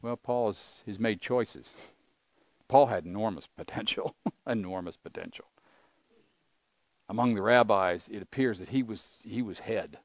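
A man's voice: on the low side, a little slow, long pauses, dry recording. An older man preaching a sermon, earnest and conversational, asking his listeners rhetorical questions. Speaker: pastor.

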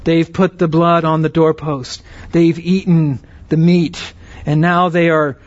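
A man with a somewhat high voice teaches a Bible lesson in an earnest, explanatory manner. He keeps checking that his listeners follow with short rhetorical questions. The recording is dry and a little dull. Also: little pitch movement, takes it slowly, no echo.

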